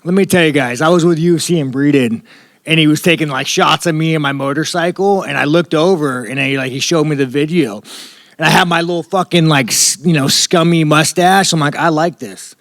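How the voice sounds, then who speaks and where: A man's voice: a little high, fairly quick, fairly bright tone, no echo, studio quality. A man from the United States, a professional fighter at a press scrum, talking in a blunt, rambling, profane way. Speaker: professional fighter at media day.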